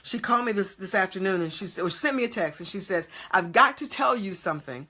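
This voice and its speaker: A woman's voice: medium pitch, expressive, fast talker, sharp tone, slightly rough. A woman preaching an emphatic motivational sermon, repeatedly checking in with her audience.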